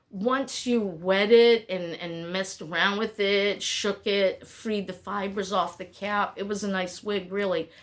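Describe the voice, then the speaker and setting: A woman's voice: medium pitch, fairly bright tone. A middle-aged woman vlogging at home in a rambling, chatty way, often breaking off her own thoughts. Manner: rambling, chatty, frequent self-interruptions. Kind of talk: casual talking-head chat.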